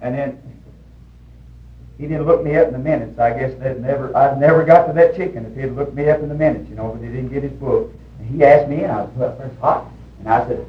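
A man preaching a sermon in a folksy storytelling way, with sudden shouted bursts when he quotes people. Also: mid-range voice, quick pace. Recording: roomy, distant, dull old recording with faint hiss.

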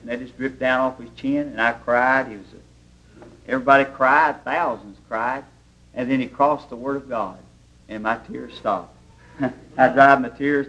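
A man's voice: mid-range voice, bright, forceful tone, rough recording. A man preaching a sermon in a church, telling stories in plain, homespun grammar. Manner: folksy storytelling preaching, plain rural grammar.

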